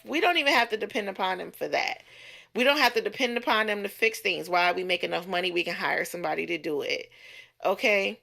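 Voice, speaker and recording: A woman in her thirties, a relationship coach, telling a story in a blunt, animated, casual rant full of profanity. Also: mid-range voice, fairly quick, creaky. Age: 30s. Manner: blunt, animated, profanity-laced, mimics others' voices.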